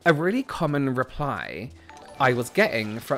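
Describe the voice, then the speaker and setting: A man's voice: mid-range voice, lively intonation, fairly quick, fairly bright tone, faint music behind. Guy chatting away while he plays, rambly, keeps cutting himself off. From West Country, England. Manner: chatty and rambling, often breaking off mid-sentence. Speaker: game streamer. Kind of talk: casual chat while gaming.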